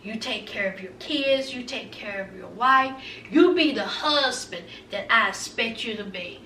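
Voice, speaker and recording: A woman putting on the voice of a gentle middle-aged mother quietly comforting her son. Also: unhurried, roomy sound, distant mic, a little hiss or hum. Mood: soothing. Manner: soft, low, coaxing.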